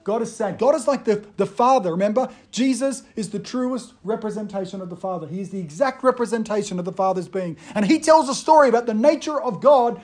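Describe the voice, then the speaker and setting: An earnest preacher with a mid-range voice works through a sermon point by point. The delivery is explanatory and steady, and quoted passages are read aloud within the talk. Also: medium pitch, fairly quick, hardly any pauses.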